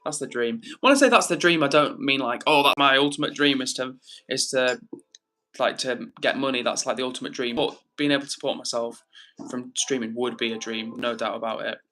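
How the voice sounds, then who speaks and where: Here the young man hosting the livestream talks fairly quickly in a medium-pitched voice with a bright, forceful edge. Casual and upbeat, he chats away and reads out the comments from his audience.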